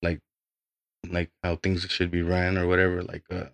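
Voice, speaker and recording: A man's voice: deep voice, monotone, moderate pace, gravelly, a bit bright, dry recording. A young man, a podcast guest, telling his story in a rambling, casual way with lots of swearing.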